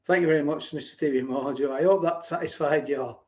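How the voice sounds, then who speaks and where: A man hosting a casual live stream, reading viewer comments and thanking them by name, sometimes dropping into low asides. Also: brisk, darkish tone, dull audio. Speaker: host of a food channel live stream.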